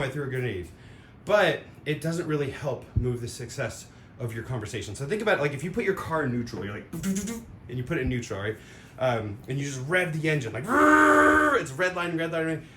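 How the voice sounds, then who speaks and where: A man giving a casual, rambling opinion monologue, full of fillers and sound effects. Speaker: vlogger. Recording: roomy echo with faint rumble.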